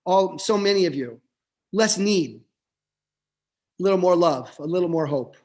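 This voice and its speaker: High-voiced man giving a reflective sermon. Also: expressive, darkish tone. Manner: reflective, halting with restarts. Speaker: rabbi. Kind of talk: Hanukkah sermon. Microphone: video call.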